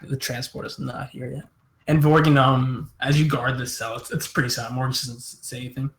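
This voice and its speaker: A man's voice: mid-range voice, fairly even intonation, a bit bright, roomy sound. A man narrating a tabletop game as game master, often stopping and restarting his phrases. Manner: halting, restarts mid-phrase.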